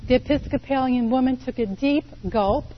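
A woman preaching a sermon, telling stories slowly and deliberately with pauses. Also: high-pitched, muffled recording, a little hiss or hum. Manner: slow, deliberate storytelling with pauses.

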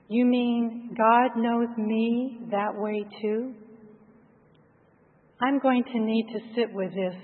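Slow, hushed woman narrating reflectively. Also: a little high, slightly rough. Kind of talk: first-person guided meditation narration. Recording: tinny phone-like sound with long reverb.

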